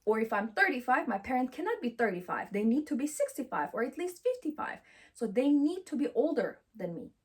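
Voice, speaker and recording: Lively, husky-voiced woman coaching self-love. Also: high-pitched, fairly quick. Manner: warm and emphatic, repeats affirmations. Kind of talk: motivational talk to camera.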